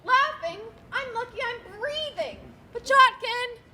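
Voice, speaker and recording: A woman's voice: very high voice, lively intonation, normal speed, bright, forceful tone, a little hiss or hum, full character voice. A woman playing a harried, stiffly formal female bank manager in a live stage play, recorded on a school stage. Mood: frantic. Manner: stiff, formal, increasingly exasperated. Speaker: stage actor.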